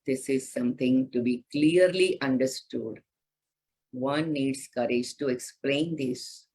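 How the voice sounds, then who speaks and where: Slow, breathy woman giving a spiritual talk. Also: a bass voice, rough recording. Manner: gentle, unhurried, guiding listeners through meditation. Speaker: spiritual teacher. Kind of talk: slow devotional scripture reading with commentary.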